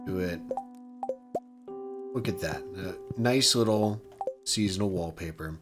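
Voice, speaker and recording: A man's voice: sits low, slow. A man giving casual, upbeat commentary as he plays, chatty and self-deprecating, his voice a little worn. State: losing his voice. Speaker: let's play host. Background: faint game music.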